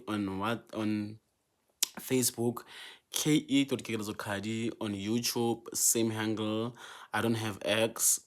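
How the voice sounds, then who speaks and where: A young man from South Africa talks straight to his viewers in an emotional vlog, pleading and repeating himself, stumbling over restarts. His voice sits a bit low for a man. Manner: pleading, repetitive, stammers and restarts. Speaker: vlogger. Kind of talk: emotional vlog talk to camera.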